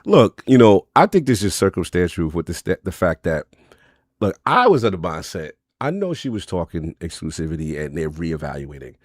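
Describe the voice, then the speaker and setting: A man's voice: sits low, sing-song, moderate pace, no room sound, studio quality. A man hosting a gaming podcast in casual chat, rambling through his points with sayings and analogies. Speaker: podcast host.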